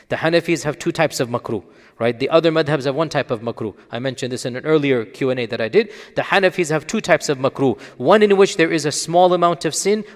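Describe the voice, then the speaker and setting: A man with a slightly raised voice explains religious rulings as a teacher. He talks earnestly and keeps tossing out rhetorical questions and quick check-ins. The sound has a long, roomy reverb around it. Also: on the high side. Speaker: Islamic scholar answering questions.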